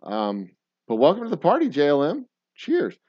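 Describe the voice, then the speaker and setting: A man's voice: a little high, huge pitch swings, normal speed, dry recording. A man hosting a casual live stream, chatting loosely with viewers in a rambling, profane way and often correcting himself mid-sentence. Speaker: livestream host. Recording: dull lo-fi stream audio.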